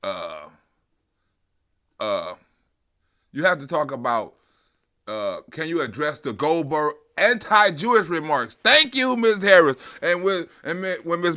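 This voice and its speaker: Male livestream host, bright forceful voice, casual chat-driven commentary. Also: medium pitch, animated, moderate pace, clean tone. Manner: loose and profane, talks to the chat.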